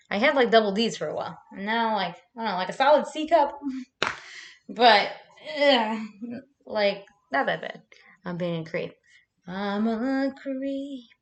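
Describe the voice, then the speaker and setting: A woman's voice: mid-range voice, a bit bright. A young woman chatting casually on a live stream, laughing often and swearing freely.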